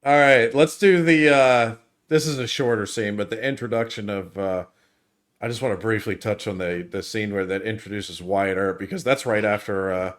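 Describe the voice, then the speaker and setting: A man's voice: fairly low pitch, moderate pace. A man co-hosting a casual movie review chat, rambling and restarting as he walks through scenes. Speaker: podcast co-host leading the review.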